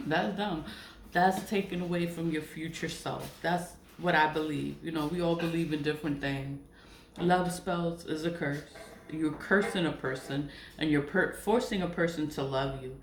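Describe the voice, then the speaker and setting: Female vlogger, lower voice, blunt and profane rant, echoey room with faint background hum. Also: normal speed. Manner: blunt, profane, repeats herself for emphasis. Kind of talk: casual rant to camera.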